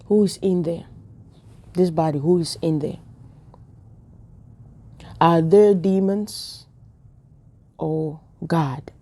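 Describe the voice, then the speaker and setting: Woman, low mellow voice, casual preacher, keeps hammering rhetorical questions. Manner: playful, joking asides. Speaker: online preacher. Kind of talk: casual spiritual message to camera.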